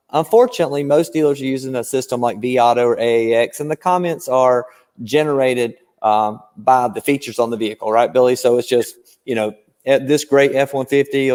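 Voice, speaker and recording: A man guest on a casual podcast, coaching dealers and telling animated stories with plenty of examples. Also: medium pitch, in a large hall. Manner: animated storyteller, explains with examples. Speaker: guest car-dealership trainer.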